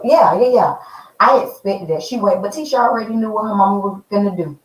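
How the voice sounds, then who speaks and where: A woman chatting in an animated way as she reviews a reality show, calling her viewers "y'all" and "honey.". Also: medium pitch, brisk. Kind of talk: casual chat. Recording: roomy, mic at a distance.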